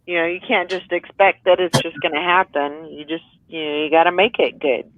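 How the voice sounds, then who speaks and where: A co-host chatting on a morning show, hopeful and chatty, with lots of "you know" fillers. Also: female voice, lowish voice, fairly even intonation, fairly quick, dry recording, narrow, tinny audio. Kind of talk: casual morning show chat.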